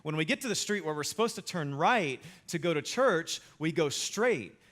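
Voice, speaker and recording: Man, pastor, sermon storytelling, humorous, self-deprecating, slightly high voice. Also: normal speed. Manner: lively humorous storyteller, wry and self-mocking.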